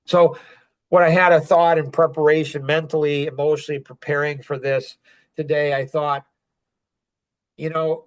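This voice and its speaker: A middle-aged man talking on a podcast with a somewhat high voice. He speaks with raw intensity and often climbs into angry, emphatic outbursts. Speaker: podcast guest sharing his story. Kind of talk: emotional podcast conversation.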